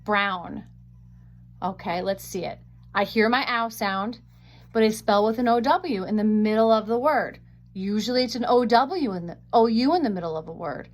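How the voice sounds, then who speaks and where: Over a webcam microphone, a woman with a mid-range voice leads a phonics lesson, sounding words out slowly and with care.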